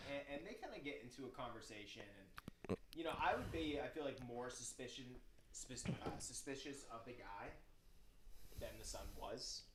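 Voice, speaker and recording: A man's voice: mid-range voice, lively intonation, normal speed, background noise. A man co-hosting a podcast, laid-back, mostly giving short agreeing replies in casual chat. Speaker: podcast co-host.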